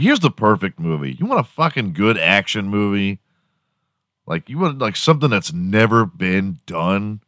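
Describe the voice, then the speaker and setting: A man hosts a casual comedy podcast, ranting with heavy swearing and frequent laughter. His voice sits fairly low, and the recording is dry and close to the mic with no room echo. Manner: profane, animated, laughs often. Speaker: podcast host.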